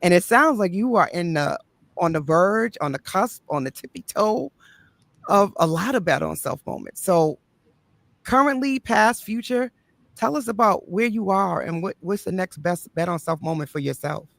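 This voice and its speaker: A woman hosting a radio show interview as a therapist and life coach, asking calm, encouraging questions that reflect back what she hears. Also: on the low side, moderate pace, gravelly, dry recording.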